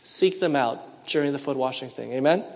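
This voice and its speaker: A man's voice: mid-range voice, normal speed, gravelly. A man preaching a sermon, telling stories and asking the congregation to call out answers. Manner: storytelling with call-and-response questions. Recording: long hall reverb.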